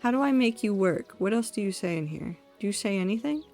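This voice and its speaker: This is a woman live-streaming as she builds in a game, talking half to herself and half to her chat. She gets excited and over-dramatic about small discoveries. Her voice sits in a middle range, with faint music playing behind her. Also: medium pitch, a little fast. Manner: excitable, thinks aloud, talks to herself and chat.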